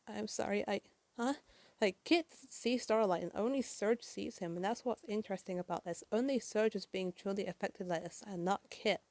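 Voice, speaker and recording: A woman's voice: medium pitch, a little mellow, no room sound. Chatty woman gushing over a comic. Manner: gushing, chatty, swears casually. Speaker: comic reviewer. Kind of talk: casual comic recap.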